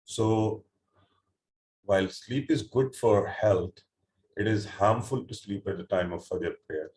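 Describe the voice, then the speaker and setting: Over a computer mic on an online call, a Quran teacher explains word meanings patiently and step by step, with hesitant fillers and restarts. His voice is on the low side, slow, and a little mellow, with a roomy sound.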